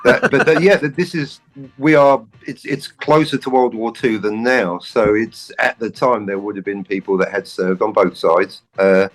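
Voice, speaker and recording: A man co-hosting a podcast, talking about an old sitcom in a rambling, jokey way with lively restarts. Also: lowish voice, normal speed, faint music behind, poor audio. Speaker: podcast co-host. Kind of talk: casual film chat.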